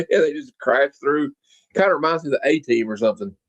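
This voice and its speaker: A man's voice: a little high, animated, fairly quick, muffled recording. A man hosting a comic book podcast, casually reading a comic aloud and adding his own commentary. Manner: casual, reads dialogue with playful voices.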